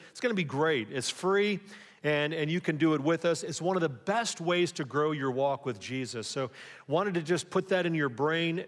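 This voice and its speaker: A man preaching a sermon as pastor, in a conversational way, often pausing to ask the congregation rhetorical questions. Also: on the high side. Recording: long hall reverb.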